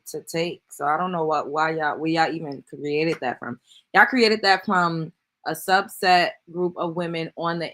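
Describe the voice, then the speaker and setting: A woman's voice: low-pitched, fairly bright tone. A woman hosting a live stream, giving blunt, profane reaction commentary and laughing often. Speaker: show host.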